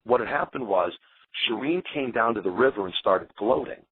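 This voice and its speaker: A man's voice: medium pitch, normal speed, breathy edge, no room sound. A man, an eliminated contestant, telling his side in a heated interview and acting out what others said. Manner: animated, defensive storyteller acting out quotes. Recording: tinny phone line.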